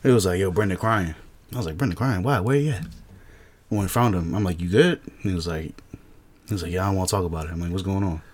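A man's voice: sits low, fast. A young man from DC, co-hosting a podcast and telling stories in a casual chat, acting out what people said between laughs. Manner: animated storytelling, acts out quotes with laughter. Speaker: podcast co-host.

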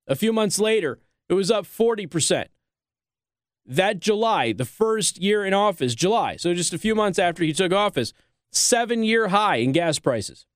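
A man's voice: sits high, no echo, studio quality. A man hosting a political talk show, delivering opinionated commentary and mocking others in quoted voices.

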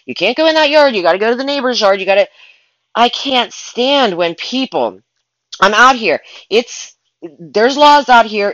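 A woman's voice: mid-range voice, a bit bright, no room sound, dull audio. A woman who works as a pet sitter and dog walker, ranting in a casual vlog in an exasperated, rambling way with many restarts.

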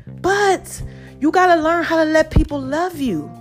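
High-voiced woman giving loving pep talks. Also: measured pace, soft background music.

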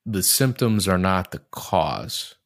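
A man's voice: low voice, expressive, slow pace, no echo, studio quality. A man in a casual conversation, talking in a reflective, candid way, restarting his sentences often as he searches for words and swearing casually now and then.

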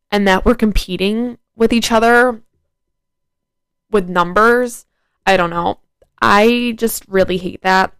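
A woman's voice: mid-range voice, clear, resonant tone, dry recording. A teenage girl hosting a casual solo podcast, talking frankly and saying "like" and "I don't know" a lot. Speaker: podcast host.

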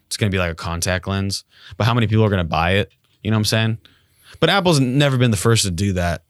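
A man's voice: on the low side, animated, fast talker, no room sound, studio quality. A man co-hosting a podcast, chatting casually with rambling, profane jokes. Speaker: podcast co-host. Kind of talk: casual chat.

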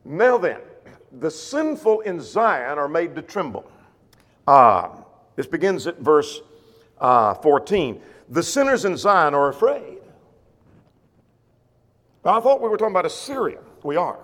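A man's voice: on the high side, big pitch swings, unhurried, pauses often, a bit bright. A man teaching a Bible class, reading verses and rephrasing them in plain words with rhetorical questions. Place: church classroom or auditorium. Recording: long reverb of a church hall.

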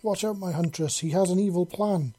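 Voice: mid-range voice, a little fast, mellow, breathy edge, pitched above the performer's own voice, close to an everyday voice. A reader voicing an alien queen woman who pleads and warns in a raised, breathless voice. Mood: urgent.

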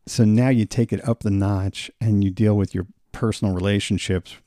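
A man's voice: fairly low pitch, steady tone, moderate pace, warm tone, no echo, studio quality. A middle-aged man co-hosting a podcast, chiming in agreeably and laughing often in casual chat. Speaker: podcast co-host.

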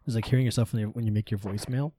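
A man with a low, mellow voice hosting a podcast, telling stories in an animated, casual way with frequent swearing. The recording is dry and close to the mic. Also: very fast, no echo. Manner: animated, swearing, laughing storyteller. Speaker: podcast host. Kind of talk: casual chat.

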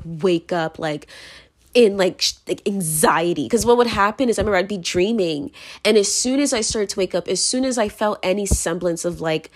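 Young woman, podcast host, casual rambling monologue, lots of fillers, mid pitch. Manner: rambling, filler-heavy, laughs often.

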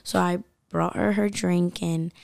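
A young woman with a low, gravelly voice tells a personal story in loose, chatty podcast talk. She fills her speech with likes and you-knows. The sound is close and dry. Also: steady tone, unhurried, darkish tone, no room sound. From United States. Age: young adult. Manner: chatty, full of fillers and likes. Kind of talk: casual storytelling chat.

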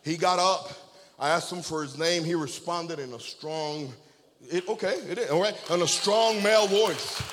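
A high-pitched man preaches fervently, stopping to throw amen and okay at his listeners. His voice trails off into the long echo of a big church hall. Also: normal speed, background noise. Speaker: pastor. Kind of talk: sermon with storytelling. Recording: long reverb of a large hall.

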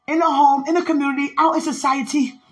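A woman giving a devotional podcast sermon, retelling a Bible story with animated storytelling and acting out the characters' lines. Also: sits high, fast talker, poor audio. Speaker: preacher.

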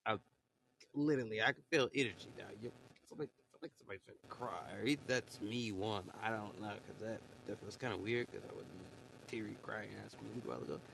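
A man's voice: on the low side, fast, vocal fry, noisy background. A young man hosting a live audio chat in a casual, rambling, slangy way, repeating himself often. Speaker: podcast host on live audio stage.

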